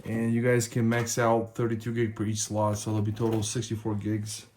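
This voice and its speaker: A man's voice: on the low side, monotone, brisk, a little mellow, slight background noise. A man casually explaining a hardware install step by step, addressing viewers as he works. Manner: explains step by step while working, talks to viewers as guys. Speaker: tech video host. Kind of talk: casual hands-on tutorial.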